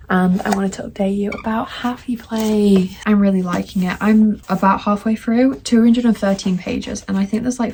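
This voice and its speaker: A woman's voice: medium pitch, vocal fry, darkish tone. A nineteen-year-old woman chatting casually in a reading vlog, rambling with lots of fillers, recorded on a phone. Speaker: book vlogger. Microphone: phone camera.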